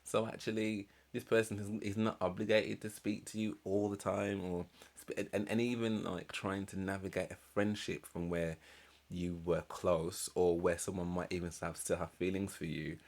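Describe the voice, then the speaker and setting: Man, very low voice, rambling reaction commentary, reflective. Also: little pitch movement, normal speed. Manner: reflective, rambling, many fillers and restarts. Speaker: reaction channel host.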